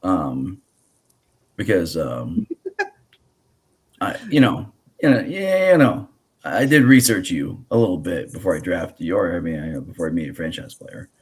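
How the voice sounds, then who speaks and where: A man hosting a relaxed podcast, his voice sitting very low. He talks in a loose, rambling way, full of fillers and false starts. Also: a little slow, slightly rough. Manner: rambling, many fillers and restarts. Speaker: podcast host. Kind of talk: casual podcast chat.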